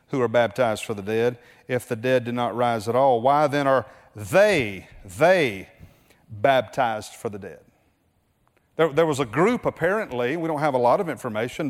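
A man's voice: medium pitch, normal speed. A man preaching a sermon in a church, emphatic and full of rhetorical questions, often restarting his sentences. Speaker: pastor. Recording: reverberant hall.

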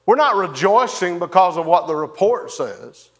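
A man preaching a sermon as pastor, halting and folksy, with many fillers and repeated words. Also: high-pitched, big pitch swings, a bit bright. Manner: folksy, leads the congregation in song.

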